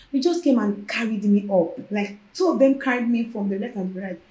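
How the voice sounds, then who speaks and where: Animated Nigerian woman telling her story, roomy sound. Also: mid-range voice, fairly quick. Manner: animated, acts out quoted dialogue. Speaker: guest. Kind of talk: casual personal storytelling. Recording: roomy echo.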